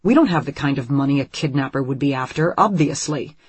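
A woman reading an audiobook, voicing a worried young father who speaks urgently and forcefully. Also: extremely low pitch, animated, fairly quick, husky, dry recording, full character voice. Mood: insistent.

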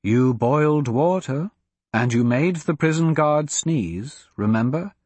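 A man plays an ancient wizard who speaks slowly, calm and blunt. The voice is husky and grave, rising and dropping over a wide range. It is a close, dry storybook reading. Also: on the high side, no echo, pitched above the performer's own voice, exaggerated voice. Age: older. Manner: measured, grave.

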